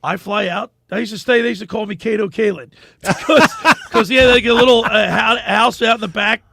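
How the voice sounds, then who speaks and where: A man hosting a sports radio show, telling a long story in a lively, animated way. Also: high voice, a little fast, creaky, no room sound, studio quality. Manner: animated storyteller, laughs at his own tales. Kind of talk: casual radio chat and storytelling.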